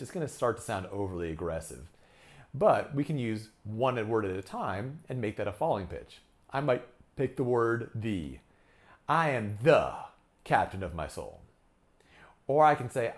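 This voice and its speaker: Lively-voiced man teaching vocal delivery. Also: mid-range voice. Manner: demonstrates lines with varied emphasis. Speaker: speaking coach. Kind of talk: instructional lesson.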